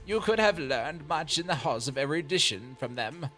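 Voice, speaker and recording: A man's voice: fairly high pitch, lively intonation, over music, natural voice. A man putting on a stately old grandmother. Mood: grave tender. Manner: slow, grave, archaic formal speech.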